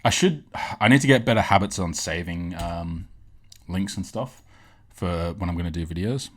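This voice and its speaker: A man's voice: deep voice, moderate pace. A young Australian man casually rambling through meme-reaction commentary at a home streaming setup, laughing and swearing often. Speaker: streamer and host.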